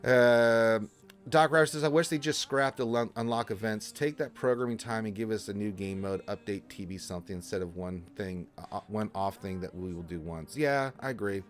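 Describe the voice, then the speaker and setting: A man hosting a casual gaming livestream, greeting viewers by name and answering chat questions in a jokey, animated way. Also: lowish voice, normal speed, soft background music. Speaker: livestream host reading chat.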